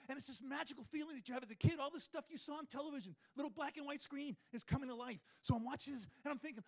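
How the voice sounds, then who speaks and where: A man telling a wildlife story to an audience in an animated way, acting out his own thoughts and the animals with big swings of voice. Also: very high voice, very fast, vocal fry, few pauses. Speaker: wildlife photographer giving a talk.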